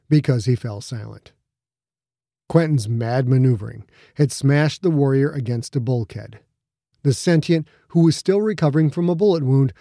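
A man reading an audiobook in a steady, measured storytelling voice on a close studio mic. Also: mid-range voice, no echo. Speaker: audiobook narrator. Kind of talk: scripted narration.

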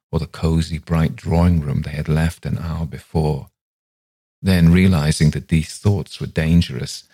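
A man reading a classic ghost story aloud as a podcast narrator, in a measured, unhurried way. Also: rumbling low, vocal fry, dark tone, slightly rough, no room sound.

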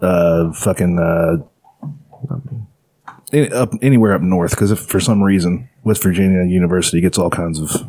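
A man's voice: sits low, normal speed, darkish tone. A man in casual chat who tells stories and teases his friends dryly. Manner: dry teasing, storytelling.

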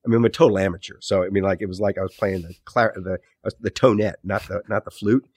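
The guest, a man who writes books and hosts a podcast, thinks aloud in a rambling manner and keeps correcting himself partway through sentences in this relaxed interview. His low voice is steady, darkish and slightly rough, delivered fast with no room sound.

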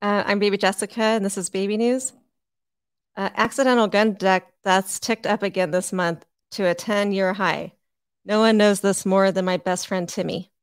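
A woman playing a silly baby who anchors a comedy news segment, reading haltingly. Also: mid-range voice, steady tone, clean tone, dry recording, studio quality, lightly acted.

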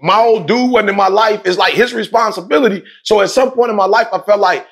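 A man talks with passion, repeating key points and dropping slang in casual conversation. His voice sits high and carries a gravelly fry. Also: fairly quick. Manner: emphatic, repetitive, slangy, animated.

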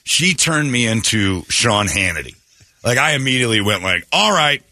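A man from Phoenix hosting a radio show, telling a story in a casual, animated way and mimicking the people in it. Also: fairly low pitch, moderate pace, dry recording, clean studio sound. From Phoenix, Arizona.

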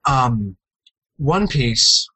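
Bright-voiced jokey young man. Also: lively intonation, extremely slow, breathy edge, no echo, low-quality recording. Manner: jokey, jumps into playful high-pitched outbursts. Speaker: co-host. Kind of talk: casual gaming news chat.

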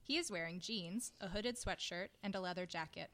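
Woman, narrator, scripted narration, calm, matter-of-fact, slightly low voice. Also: normal speed.

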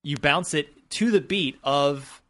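A man co-hosting a casual podcast, steering the topics and talking in quick bursts with frequent restarts. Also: on the high side, fairly bright tone. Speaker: podcast co-host leading the show.

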